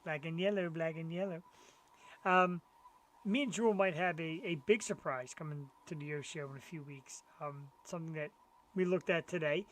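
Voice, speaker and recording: A man's voice: on the high side, normal speed, fairly bright tone. A middle-aged man co-hosting a live web show, chatting enthusiastically about his collectibles. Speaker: co-host. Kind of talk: casual live-show chat.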